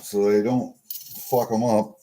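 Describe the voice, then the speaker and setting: A man's voice: fairly low pitch, level tone, a little slow, mellow, slight background noise. A man casually showing and talking through coins from a package he just opened, chatty and easily delighted, muttering to himself. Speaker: coin collecting vlogger. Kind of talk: casual unboxing talk.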